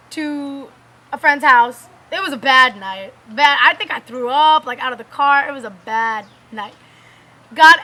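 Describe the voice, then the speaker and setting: A young woman tells a personal story straight to her viewers in a loose, animated way. Her voice sits high and sounds bright and forward, and she fills her talk with "like" and "you know". She laughs often as she goes. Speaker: vlogger. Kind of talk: casual storytelling to camera.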